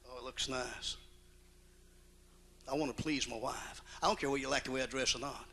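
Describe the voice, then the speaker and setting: A male pastor preaching a sermon in a folksy, emphatic way, swinging from quiet asides to loud outbursts. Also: mid-range voice, steady tone, racing. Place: church auditorium.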